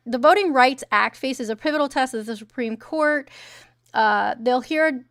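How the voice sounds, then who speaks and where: A young woman with a somewhat high voice runs a casual news commentary stream. She talks bluntly and sarcastically and swears freely. The sound is close and dry. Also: normal speed, a bit bright, no room sound. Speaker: livestream host.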